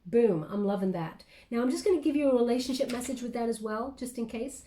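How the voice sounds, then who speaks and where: A woman delivers a tarot reading in a casual, chatty way. Her voice sits a little high but sounds mellow and soft. She talks affectionately to her listeners, filling pauses with gentle fillers. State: briefly tearful then composing herself. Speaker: tarot card reader. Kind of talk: casual spoken card reading.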